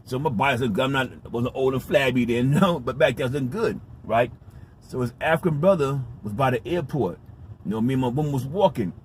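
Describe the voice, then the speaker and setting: A man's voice: medium pitch, brisk, slight background noise. A man telling a story in a casual, rambling vlog, emphatic and repetitive, with some swearing. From United States. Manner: rambling, emphatic, profane, repeats himself. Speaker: vlogger.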